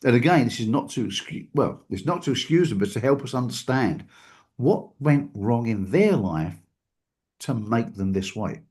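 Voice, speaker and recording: A man's voice: mid-range voice, expressive, normal speed, a little mellow. A man talking reflectively about abusive behavior, hedging his points and repeating words for emphasis. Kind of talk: reflective casual talk.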